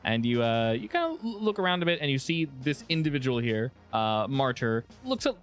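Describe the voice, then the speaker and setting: A man running a tabletop game narrates the scene in a lively, swinging voice, full of "uh" fillers. Faint music plays underneath. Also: mid-range voice, fairly quick, clear, resonant tone. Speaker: game master.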